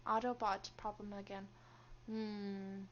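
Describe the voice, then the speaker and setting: A woman's voice: medium pitch, flat delivery, takes it slowly, lo-fi sound, a little hiss or hum. A young woman streaming a game, reading its story lines aloud and chatting with viewers between them, laughing often.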